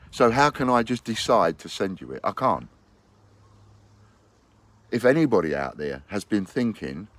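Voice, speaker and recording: Man, low voice; blunt, rambling monologue to investors. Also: very animated, moderate pace, a little hiss or hum. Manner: blunt and rambling, with hypothetical quotes. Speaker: business owner addressing investors. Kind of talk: unscripted monologue to camera.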